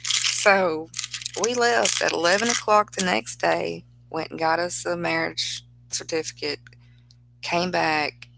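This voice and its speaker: A woman's voice: on the low side, steady tone, slow, gravelly, noisy background. A middle-aged woman, chatting casually and rambling through a personal story while she crafts. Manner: chatty, rambling anecdote with laughs. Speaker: crafting vlogger.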